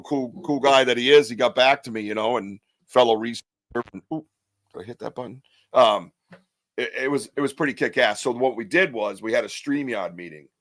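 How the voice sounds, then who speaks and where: A man's voice: medium pitch, a bit bright, no room sound. Male live-stream host, casual and rambling, swears freely, dry mic. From northern United States. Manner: loose, joking, rambling with swearing. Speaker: podcast host.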